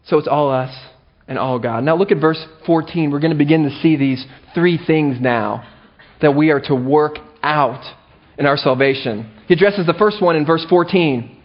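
Fairly high-voiced pastor guy preaching, lively and jokey, muffled lo-fi sound. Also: moderate pace. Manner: animated, playful, self-mocking asides. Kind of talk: sermon. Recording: dull lo-fi recording.

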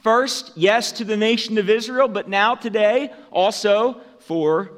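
A man preaching a sermon as pastor, in an unhurried, conversational way that lifts for emphasis. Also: high voice. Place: church sanctuary. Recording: long church hall reverb.

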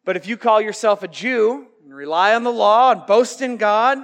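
A man preaching a lively, jokey youth sermon, calling out to his listeners for amens. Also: high voice, moderate pace. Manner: animated, jokey, calls for amens. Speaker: youth pastor.

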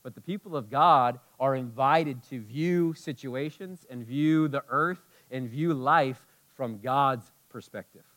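A man preaching a sermon as a pastor, impassioned, moving between loud emphasis and hushed tenderness. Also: medium pitch, slow pace, few pauses.

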